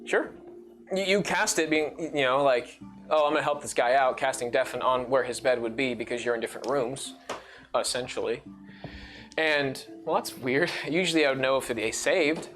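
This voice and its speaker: A man's voice: mid-range voice, normal speed, fairly bright tone. Give me a man running a tabletop game, casual and rambling, with faint music underneath. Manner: casual, rambling, lots of fillers. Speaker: dungeon master.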